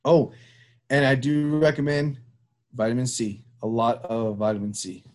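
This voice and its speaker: A man hosts a relaxed chat show, rambling from one thought to the next. His pitch sits in a middle range, and his speech is full of fillers and restarts. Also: moderate pace. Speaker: show host. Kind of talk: casual chat.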